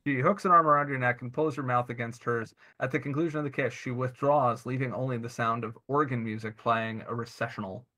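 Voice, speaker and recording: A man's voice: mid-range voice, fairly even intonation, a little fast, hardly any pauses, sharp tone. A man streaming, reading a text adventure game aloud with playful asides.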